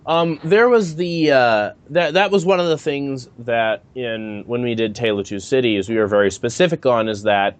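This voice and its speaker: A man's voice: mid-range voice, moderate pace, hardly any pauses. A man co-hosting a podcast in casual chat, talking hesitantly with many fillers and restarts. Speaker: podcast co-host.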